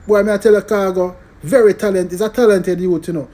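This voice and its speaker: An animated Jamaican man with a fairly high voice hosts a casual music commentary vlog. He keeps tagging his lines with "you know" and "big up". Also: quick pace.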